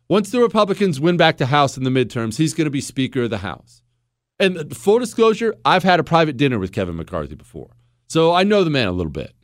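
A man's voice: a little high, no room sound, clean studio sound. A middle-aged man hosting a radio talk show, blunt and sarcastic, ranting in a monologue and mocking others by imitating them. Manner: blunt, sarcastic, animated, mocks with mimicry. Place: radio studio.

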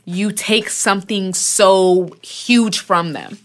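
A woman's voice: medium pitch, takes it slowly. A young woman with a mid-range voice co-hosts a casual studio podcast. She speaks reflectively and earnestly, often circling back and restarting her thoughts. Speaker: podcast co-host. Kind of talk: casual chat.

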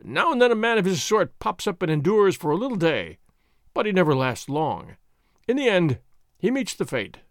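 A man's voice: high-pitched, very animated, normal speed, dry recording, studio quality. A man voicing an arrogant army captain who speaks in a formal, self-assured, boasting way. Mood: boastful.

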